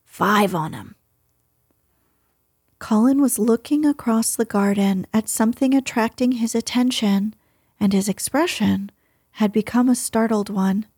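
A woman reading a novel aloud in whispered storytelling, soft and gentle, close to the mic. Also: on the high side, moderate pace, breathy edge, no echo.

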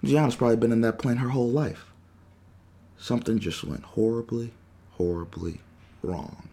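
A man's voice: medium pitch, normal speed, pauses often. A young man hosting a sports talk show, telling an emotional story and acting out the quotes. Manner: animated storytelling, acts out quotes.

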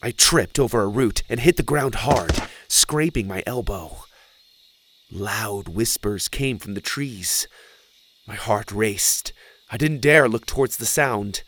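A man narrating a first-person adventure story in a dramatic voice that often drops into a hushed whisper. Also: lowish voice, animated, slow pace, a little hiss or hum.

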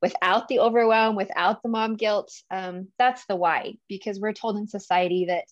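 An earnest woman talks openly as an interview guest, laughing easily and getting emotional. Her voice sits at a middle pitch. The recording is dry and a little dull, with no room sound. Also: fairly even intonation, moderate pace, no echo. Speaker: guest, business coach for mothers. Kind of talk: casual interview conversation.

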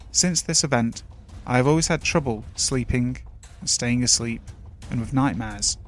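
Man narrating horror stories over faint music. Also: medium pitch.

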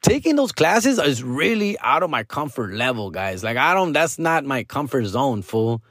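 A young vlogger taking acting classes talks casually to his viewers in a Chicano accent, mixing English with Mexican Spanish slang, profane and animated. His voice is mid-range at a moderate pace. He's in a small, dim room lit by a lamp, and the sound is clean and studio-quality with no echo.

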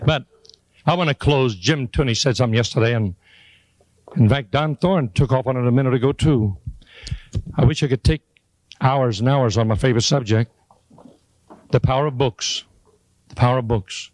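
An older man delivers a motivational talk from a conference stage, folksy and teasing, with emphatic repetition. His voice sits at an everyday middle pitch. The sound is close and dry, with no room echo. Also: moderate pace, long pauses, darkish tone. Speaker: motivational speaker. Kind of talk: motivational speech to a live audience.

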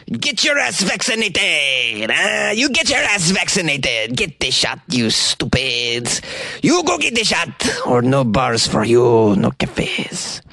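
A man's voice: a little high, huge pitch swings, slow, pushed and bright, no room sound, clean studio sound, voice pushed up, exaggerated voice. A man playing a blustering male head of state who scolds his citizens in an exaggerated mock foreign accent. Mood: scolding.

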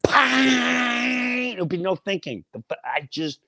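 A middle-aged podcast host with a fairly high voice, speaking a little fast, tells a personal story in a blunt, profane, casual way. He's animated and acts out the voices of people he quotes. The studio sound is clean with no room sound.

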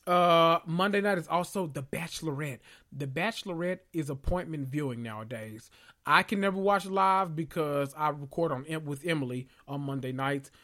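A man from the South, hosting a podcast in casual, opinionated chat with dramatic swings in pitch. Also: moderate pace, bright, forceful tone. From Southern United States. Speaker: podcast host.

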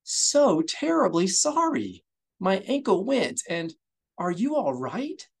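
A man's voice: high-pitched, wildly swooping pitch, takes it slowly, vocal fry, husky, voice pushed up, heavily acted. A man voicing a sly young woman thief who gushes fake apologies in an embarrassed, breathless way. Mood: fake apologetic.

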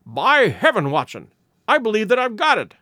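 A man voicing an eager, sharp male detective who makes brisk, emphatic deductions in an audiobook reading. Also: high-pitched, huge pitch swings, no echo, studio quality, pitched above the performer's own voice, full character voice. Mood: excited, insistent.

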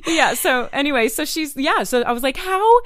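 A woman's voice: high voice, brisk, fairly bright tone, dry recording, clean studio sound. A woman from Maine, co-hosting a podcast and telling a story in casual chat, acting out the dialogue. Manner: chatty, acts out quoted dialogue. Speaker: podcast co-host.

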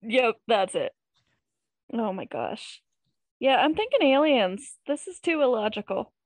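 Woman, podcast co-host, giggly, joking, somewhat high pitch, dry booth sound. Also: sing-song, measured pace, dry recording. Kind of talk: casual chat.

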